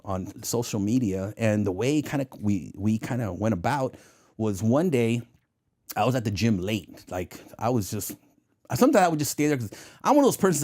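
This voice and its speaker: A man, a former federal agent, telling casual stories in an interview and acting out the voices in his anecdotes, often laughing at his own jokes. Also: mid-range voice. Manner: animated storyteller who acts out the voices in his anecdotes.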